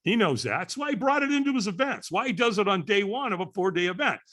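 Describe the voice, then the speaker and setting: Older man, sixties, podcast guest, animated storyteller, bright voice, sits a little high for a man. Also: fast. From California. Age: 60s. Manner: lively storyteller acting out voices, frequent "right?".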